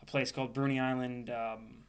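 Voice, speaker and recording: A young American man co-hosting a podcast. He talks in a relaxed, laid-back way and leans on fillers. His voice sits at an ordinary middle pitch. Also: normal speed, vocal fry, clear, resonant tone, highs cut off. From United States. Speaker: podcast co-host. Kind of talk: casual chat.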